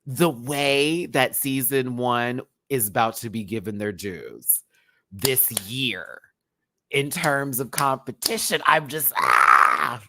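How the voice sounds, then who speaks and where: A young man giving live-stream commentary on a reality show, gushing and bursting into excited squeals. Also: medium pitch, takes it slowly, slight background noise. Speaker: reality TV reviewer.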